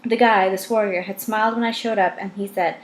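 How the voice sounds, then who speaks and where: A woman reading a first-person novel aloud, measured with dramatic pauses and wry asides. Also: mid-range voice, fairly even intonation, a little hiss or hum. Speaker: audiobook reader. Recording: roomy echo.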